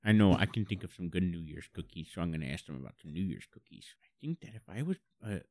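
A man's voice: deep voice, animated, fast, a little mellow, no echo. A man co-hosting a comedy talk show, telling absurd stories in a mock-serious announcer manner. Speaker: comedy podcast co-host. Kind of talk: absurdist comedy radio chat.

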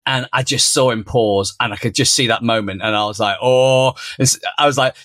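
A man co-hosting a podcast, recorded close and dry with no room sound. He tells a family story in a lively, chatty way and jumps into a much higher voice whenever he acts out what someone said. His pitch is mid-range. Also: moderate pace, no echo. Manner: animated, acts out quoted lines in a much higher voice. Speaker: podcast co-host and father. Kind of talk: casual conversational storytelling.

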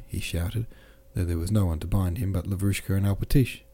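Deep, dark-toned male audiobook narrator. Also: steady tone, brisk, breathy edge. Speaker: podcast host and reader. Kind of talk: scripted narration of a classic novel.

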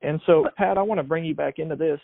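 A man's voice: a little high, quick pace, vocal fry, no room sound. A man interviewing a guest, calling him by name to draw him into the talk. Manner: leading, draws the guest in by name. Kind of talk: interview questions. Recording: thin phone-like sound, dry.

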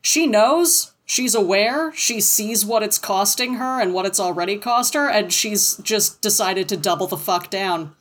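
A woman's voice: medium pitch, normal speed, hardly any pauses, fairly bright tone. A woman guest on a podcast, talking thoughtfully and casually about a book with many fillers.

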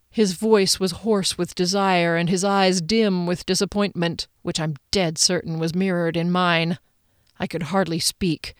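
A woman narrating a first-person audiobook in an expressive, bubbly way, her pitch leaping up on excited lines. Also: unhurried, no room sound, studio quality.

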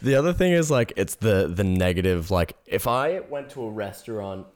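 A man's voice: lowish voice, animated, moderate pace, darkish tone. A young man co-hosting a podcast in casual chat, laid-back, swearing and laughing often. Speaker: podcast co-host.

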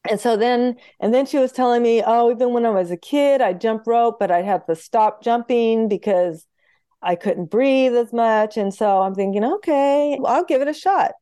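In an interview, a homeopath shares stories about her patients, mimicking the voices of the people she quotes and breaking into quick laughs. She sounds lively, her voice on the high side with a clean tone and no echo.

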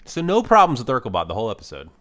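A man's voice: medium pitch, huge pitch swings, racing, a bit bright. A man co-hosting a podcast, chiming in with short questions and comments. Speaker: podcast co-host. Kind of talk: casual chat.

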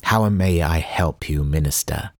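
A man voicing a calm airship captain. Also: extremely low pitch, a little slow, no room sound, clean studio sound. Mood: unbothered. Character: unflappable male airship captain.

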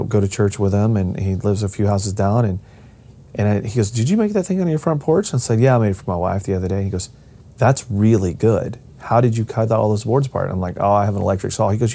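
A man's voice: lowish voice, warm tone. A middle-aged man telling a personal family story in a casual way, rambling with restarts and acting out the voices of the people he quotes.

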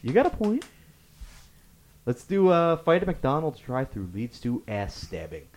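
A man hosting and judging a casual game among friends, upbeat and quick, often laughing. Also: medium pitch, sing-song, a little mellow. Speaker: game host and judge.

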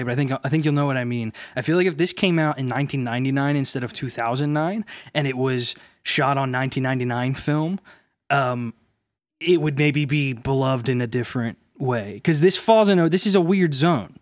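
A man co-hosting a film podcast in casual chat, joking and swearing with quick laughs. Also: fairly high pitch, no room sound, clean studio sound. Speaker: podcast co-host.

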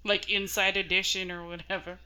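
A woman's voice: mid-range voice, flat delivery, a little fast, bright, forceful tone. A woman co-hosting a podcast in casual chat, blunt, crude and teasing. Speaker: podcast co-host.

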